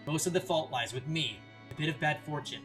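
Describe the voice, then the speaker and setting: A woman voicing a gentle, doomed young man who speaks quietly and earnestly, reading a visual novel aloud. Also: sits low, brisk, music in the background, lightly acted. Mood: tender.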